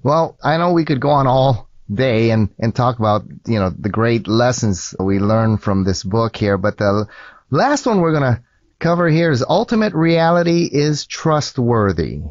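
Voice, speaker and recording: American male host, animated storyteller, dry and slightly dull audio. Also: medium pitch, unhurried, dry recording. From United States. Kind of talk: conversational interview.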